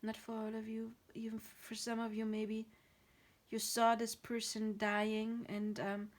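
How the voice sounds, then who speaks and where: Woman tarot reader, near tears, halting and soft with dips into whispers; slow, flat delivery. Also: fairly high pitch. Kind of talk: pick-a-card tarot reading.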